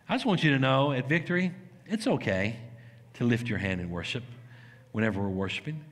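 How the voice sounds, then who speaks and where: Animated pastor in a reverberant church. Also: male voice, medium pitch, brisk. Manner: animated storytelling, laughs and shouts while acting out scenes. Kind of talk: sermon. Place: church sanctuary. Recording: long hall reverb.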